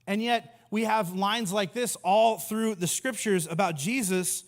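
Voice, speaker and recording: A man's voice: high-pitched, measured pace. A man in his thirties preaching a humorous sermon as pastor, acting out little voices and jokes as he goes. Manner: humorous, acts out voices of people and Jesus. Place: large church hall. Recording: long hall reverb.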